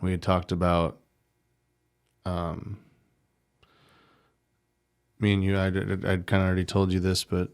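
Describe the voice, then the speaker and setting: A man's voice: low-pitched, completely flat delivery, a little slow, long pauses, clear, resonant tone. A married man co-hosting a podcast, talking in a loose, rambling way full of "like" and "you know". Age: adult, married. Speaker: podcast co-host. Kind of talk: casual chat.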